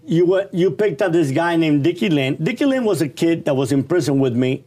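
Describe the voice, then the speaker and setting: A middle-aged man telling his life story in a casual, animated, slangy and blunt way. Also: a little high, a little fast.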